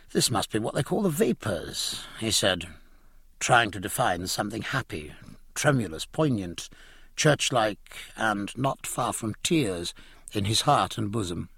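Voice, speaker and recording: Brief: male audiobook narrator, husky tone, animated delivery. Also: medium pitch, dry recording, clean studio sound. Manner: expressive, measured storytelling. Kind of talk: scripted narration.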